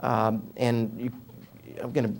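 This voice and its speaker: An older man with a New York accent, in his seventies, talks through an interview with an easy, anecdotal humor and plenty of fillers. His voice sits at an ordinary middle pitch. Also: level tone, a little slow, darkish tone. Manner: humorous storyteller, conversational with fillers. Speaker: author and guest speaker.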